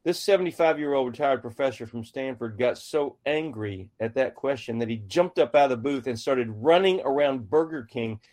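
A man's voice: mid-range voice, normal speed, hardly any pauses. Middle-aged male guest, folksy storyteller, mid-range voice, acts out the dialogue. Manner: folksy and animated, acting out quoted dialogue. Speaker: author and guest. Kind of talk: conversational storytelling.

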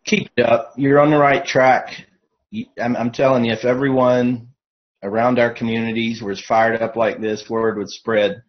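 A man's voice: mid-range voice, little pitch movement, normal speed. Encouraging guy on a talk show, a bit off mic, dull lo-fi sound. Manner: rousing and encouraging.

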